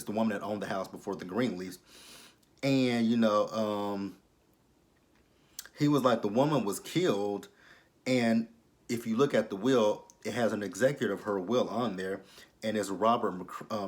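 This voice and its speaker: A fairly low-pitched man talks through a TV episode in casual recap commentary. He is sassy and blunt, and he swears freely. He swings from loud, animated outbursts to quiet, muttered asides. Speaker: TV episode reviewer.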